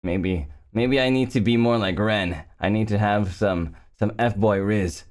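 A man streamer doing an awkward flirting bit, halting and chuckling between lines. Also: lowish voice, darkish tone.

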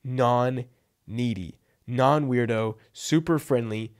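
A man's voice: medium pitch, slow pace. A man giving blunt, emphatic copywriting advice in a casual vlog, tossing in "like" and "right?" as he goes. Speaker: freelance copywriting coach.

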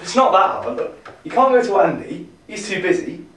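A man's voice: sits high, lively intonation, moderate pace, fairly bright tone. A young man in an amateur comedy sketch, giving advice in a matter-of-fact way. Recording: echoey room, far from the mic, faint hiss.

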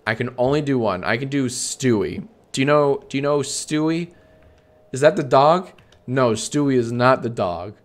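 A man's voice: medium pitch, moderate pace. Male streamer with a mid-range voice doing a dry, sarcastic comedy bit with himself. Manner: deadpan sarcastic banter, frequent swearing.

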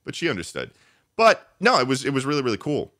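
A man's voice: fast talker, no echo, clean studio sound. A young man co-hosting a podcast, telling stories in casual chat and laughing often. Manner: animated storytelling, jumps high for excited voices. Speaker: podcast co-host.

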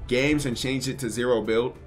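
A man's voice: mid-range voice, fairly even intonation, normal speed, soft background music. A male streamer in casual gaming chat, joking and slangy with plenty of swearing.

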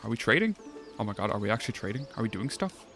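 A man giving casual let's-play commentary, thinking aloud, swearing often and getting excited. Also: on the low side, racing. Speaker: gameplay streamer. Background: game music.

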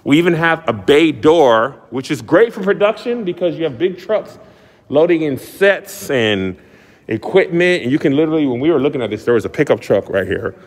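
A man's voice: fairly high pitch, moderate pace. A man giving a casual walking tour of his new studio space, hyping it up like a showman, recorded on a camera mic as he walks through a large empty building. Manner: excitable, showman-like announcing.

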